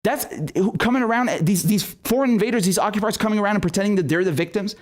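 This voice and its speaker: A man's voice: high-pitched, fast. A young man hosting a political livestream, ranting angrily with heavy swearing and stammered restarts, and reading viewer messages aloud. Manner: furious, profane ranting with frequent stammered restarts; reads viewer super chats aloud. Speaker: political commentary show host. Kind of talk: angry livestream commentary.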